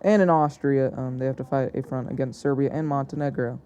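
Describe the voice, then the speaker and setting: Mellow young man, casual hesitant narration. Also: medium pitch, steady tone, fairly quick, clean tone. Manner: hesitant, self-correcting, chatty. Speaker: narrator of an alternate-history map video.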